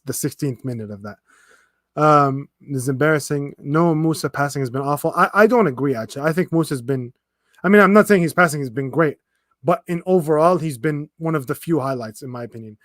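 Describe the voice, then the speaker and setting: A young man hosting a football watchalong stream, ranting in exasperation with swearing, restarts and fast bursts of complaint. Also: medium pitch, fairly bright tone, no room sound, studio quality. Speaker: fan commentator reacting to a live match. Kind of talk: livestream watchalong rant.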